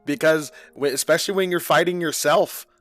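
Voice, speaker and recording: A man with a fairly high voice in relaxed podcast banter, quick with jokes and reactions. He hesitates often, with "like" and "um". Faint music sits underneath. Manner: joking, reactive, hesitant with fillers. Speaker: podcast co-host and tabletop player. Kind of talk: casual chat.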